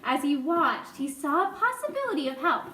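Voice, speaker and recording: A woman reading a children's novel aloud, expressive, with chatty asides to her listeners. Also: sits high, moderate pace. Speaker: storyteller. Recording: echoey room, faint noise.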